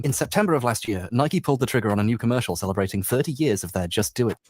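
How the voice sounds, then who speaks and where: Male video essayist, quick and lively, sarcastic, dry close recording. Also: medium pitch, dry recording. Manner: sarcastic, wry asides. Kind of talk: scripted video essay commentary.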